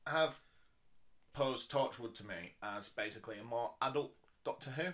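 Guy on a podcast, bright voice, dry wry humor, keeps things moving. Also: medium pitch, normal speed. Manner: dry, wry, moves the discussion along. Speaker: podcast co-host. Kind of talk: casual chat.

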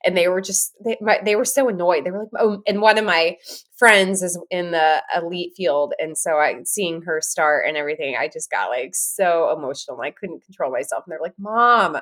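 A woman hosting a running podcast, chatting casually in an animated way and laughing often. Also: lowish voice, brisk. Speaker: podcast host. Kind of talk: casual interview chat.

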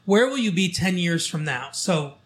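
A man hosting a local show, reading from a newspaper in casual chat, halting with fillers and restarts as he goes. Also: high voice, expressive, a bit bright.

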